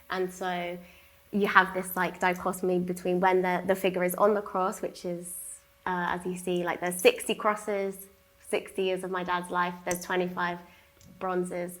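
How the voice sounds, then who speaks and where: A young woman speaking as an artist in a public gallery conversation, chatty, with many fillers and frequent laughs. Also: fairly low pitch. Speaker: artist discussing her exhibition. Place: gallery talk before an audience.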